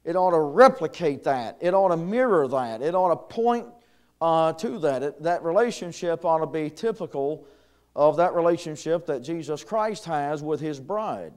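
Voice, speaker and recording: A man's voice: a little high, expressive, moderate pace. A middle-aged man, preaching a conversational sermon in a church, with chuckles and fillers. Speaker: pastor. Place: church sanctuary.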